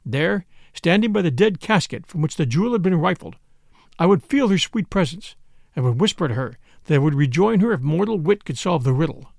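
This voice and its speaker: A man narrating a dark tale in the first person, grave and impassioned. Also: on the high side, expressive, fairly quick, gravelly, no echo, studio quality. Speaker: audiobook narrator.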